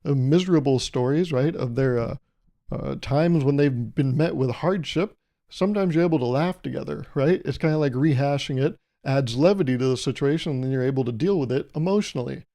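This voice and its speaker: In a solo comedy podcast monologue, a man rambles from one jokey analogy to the next, laughing at himself. He speaks a bit fast, with a mid-range voice and dark tone.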